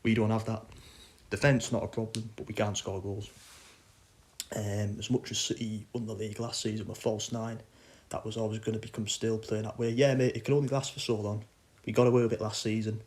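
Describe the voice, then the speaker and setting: Frustrated man ranting. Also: on the low side. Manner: frustrated, blunt, swears. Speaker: football fan podcaster. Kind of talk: casual ranting chat.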